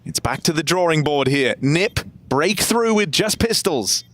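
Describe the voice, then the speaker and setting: Higher-voiced male esports caster. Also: no room sound. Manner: rapid, excited calling. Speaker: play-by-play caster. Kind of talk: esports play-by-play commentary. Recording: game gunfire behind.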